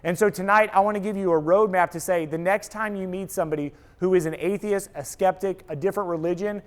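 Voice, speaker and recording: A man speaking to a live audience, telling stories and acting out quoted lines in an energetic talk. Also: high voice, fast, smooth. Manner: animated storytelling, acts out quoted voices. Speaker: speaker, apologetics teacher.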